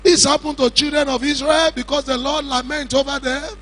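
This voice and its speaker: A man with a Nigerian Yoruba-speaking accent preaching a funeral sermon in a cathedral, slow and emphatic, with shouted lines and questions he puts to the congregation. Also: very high voice, fairly even intonation, low-quality recording. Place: large cathedral.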